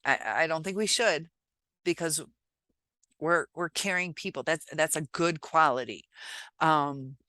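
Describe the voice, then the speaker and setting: A woman vlogger talking to camera in a reflective, halting way, pausing often as she gives relationship advice. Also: deep voice, pushed and bright, dry recording. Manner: reflective, halting, many pauses and filler sounds. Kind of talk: casual advice talk to camera.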